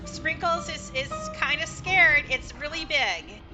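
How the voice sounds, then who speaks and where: A woman's voice: high-pitched, expressive, a little slow, over music. A woman narrating as game master of a tabletop game, chatty and hesitant with many fillers. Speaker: dungeon master.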